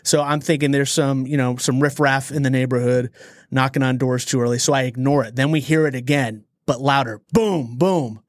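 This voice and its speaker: A man co-hosting a podcast, telling a story in a lively, dramatic way. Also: mid-range voice, dry recording, studio quality. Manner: animated storyteller, dramatic pauses. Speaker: podcast co-host. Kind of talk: casual storytelling chat.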